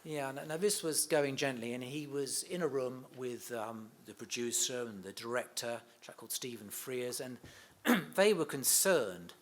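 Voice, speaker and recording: A man's voice: mid-range voice, moderate pace, few pauses. A middle-aged man being interviewed about his late father, telling anecdotes in a chatty way, laughing often and acting out the quotes. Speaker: interviewee, son of a comedian.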